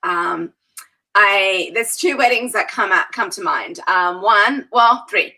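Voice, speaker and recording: A woman who plans weddings and events, telling animated stories in a casual interview and laughing often. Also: mid-range voice, takes it slowly, rough recording.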